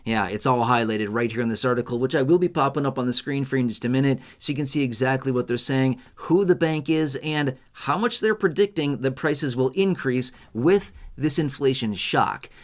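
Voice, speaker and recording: A man from the United States giving casual, animated commentary to camera as a finance commentator, often asking rhetorical questions. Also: mid-range voice, fairly quick, few pauses.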